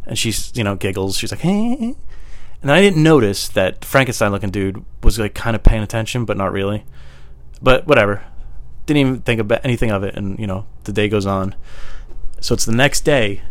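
Podcast host, male, lowish voice, loose rambling storytelling, spikes up on self-quotes, small home mic. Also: no room sound. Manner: rambling, filler-heavy, jumps higher when quoting himself. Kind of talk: casual comic storytelling. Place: home room with broken air conditioning. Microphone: small cheap microphone.

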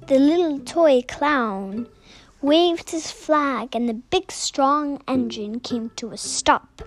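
A woman reads a children's picture book aloud in a high, sing-song voice. She takes her time over every line, with faint music under her. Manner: slow, expressive, sing-song. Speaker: storybook reader.

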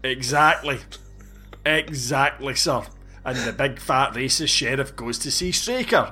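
A man's voice: medium pitch, animated, measured pace, bright, forceful tone, faint music behind. A man, casually recapping a film with wry, sweary asides. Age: 40s. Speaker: podcast host. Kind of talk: casual chat.

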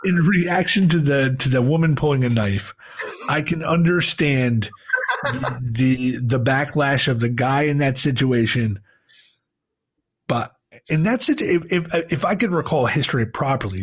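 A man's voice: mid-range voice, animated, moderate pace, husky. A man in his thirties co-hosting a podcast, swearing freely and rambling with restarts. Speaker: podcast co-host. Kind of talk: casual crude podcast banter.

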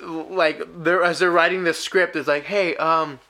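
A man hosting a casual podcast chat, drifting into tangents with an easy chuckle. His voice is a touch high and notably bright. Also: fairly even intonation, a little slow. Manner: musing, tangent-prone, chuckling. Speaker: podcast host.

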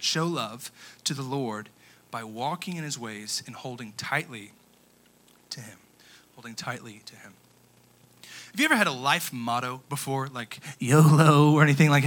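A young man, a youth pastor, preaching a casual and energetic sermon that runs from quiet scripture reading to loud storytelling. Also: mid-range voice.

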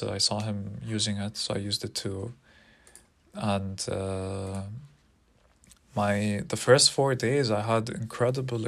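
Gravelly man rambling through a story. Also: fairly low pitch. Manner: rambling, profane, repeats words. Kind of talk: casual storytelling.

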